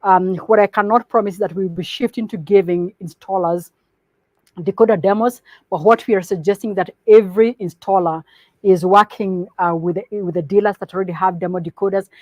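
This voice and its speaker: A woman with a Kenyan accent presents business plans to partners in a steady, instructive manner, moving between English and Swahili within a sentence. Her pitch sits in a middle range. The recording is dry and close, with no room echo. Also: fairly quick. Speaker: company presenter.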